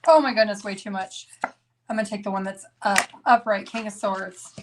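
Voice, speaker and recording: A woman's voice: mid-range voice, normal speed, heavy background noise. A woman giving a live tarot reading, chatting casually and breaking into laughter often. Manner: casual, laughs a lot, talks to herself. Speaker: tarot reader.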